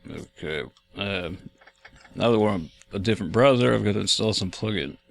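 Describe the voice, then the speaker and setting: A man's voice: on the low side, normal speed, creaky. A man co-hosting a podcast in easygoing studio banter, laughing often and stirring up a feud. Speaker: podcast co-host. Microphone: studio mic.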